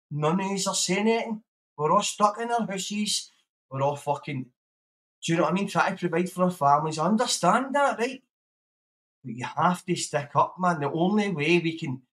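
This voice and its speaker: A man's voice: fairly high pitch, fairly bright tone. A man ranting profanely to his livestream chat. He is agitated and keeps repeating himself. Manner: keeps asking "know what I mean".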